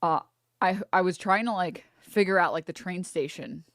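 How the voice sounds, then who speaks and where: A young American woman streamer telling a story in casual chat, animated and profane, often laughing through her words. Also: fairly low pitch, moderate pace, dry recording, clean studio sound. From United States.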